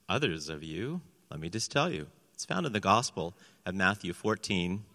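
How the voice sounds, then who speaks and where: Lively male preacher in an echoing hall. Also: fairly low pitch. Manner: animated storyteller acting out quoted voices. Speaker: pastor. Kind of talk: sermon with scripture reading. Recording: long reverb of a large hall.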